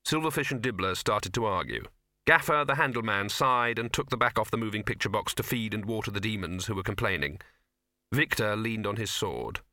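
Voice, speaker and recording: A man reading a comic novel aloud in measured, wry narration. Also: lowish voice, bright, forceful tone, no room sound, studio quality. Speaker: audiobook narrator. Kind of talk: scripted narration.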